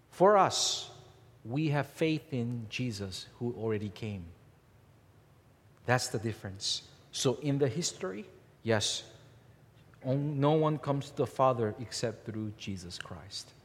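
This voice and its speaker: A man preaching a sermon, emphatic and repetitive, his pitch rising and falling as he drives points home. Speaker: pastor. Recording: long hall reverb.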